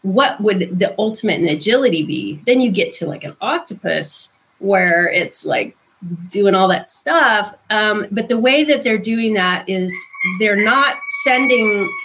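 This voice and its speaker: A woman guest author explaining ideas in conversation, thoughtful and unhurried, with frequent ums. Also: medium pitch, lively intonation, fairly bright tone, husky, rough recording.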